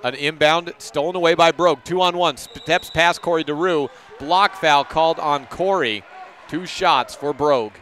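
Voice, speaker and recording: A man calling a high school girls' basketball game as play-by-play announcer on local radio, brisk, and correcting himself on names now and then. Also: a bit bright, slight background noise.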